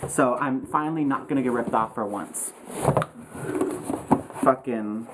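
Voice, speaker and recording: A young woman vlogging with friends, excitable and swearing a lot. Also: a bass voice, unhurried, heavy background noise. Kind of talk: casual vlog chat. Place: indoors with friends.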